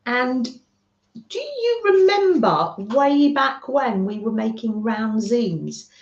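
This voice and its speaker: A woman's voice: on the high side, sing-song, slow. Gushing woman in a roomy lo-fi stream. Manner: gushing, warm chatter with viewers. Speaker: craft livestream host. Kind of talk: chatty craft livestream. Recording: roomy, dull lo-fi home stream audio.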